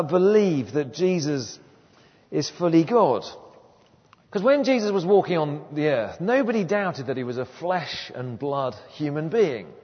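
Preacher in a big echoing church. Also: male voice, mid-range voice, slightly rough. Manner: conversational, asks the congregation questions. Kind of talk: sermon. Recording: dull, distant church sound with long reverb.

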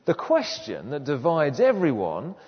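A man's voice: a little high, huge pitch swings, a little slow, slightly rough. A man preaching a sermon to his congregation in a conversational way, putting questions to them. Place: church. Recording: dull, distant church sound with long reverb.

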